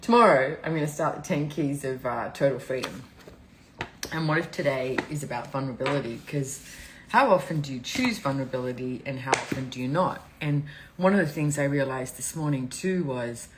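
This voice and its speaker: A woman hosts a live stream in a low, rumbling voice at a brisk pace, with background noise behind her. Her casual talk rambles, candid and emotional, and she often gets teary and laughs.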